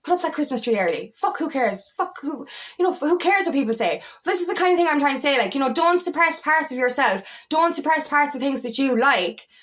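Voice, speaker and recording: A woman's voice: high-pitched, animated, a little fast, a bit bright. A woman with an Irish accent, an empowerment coach giving a casual motivational talk, emphatic and swearing freely.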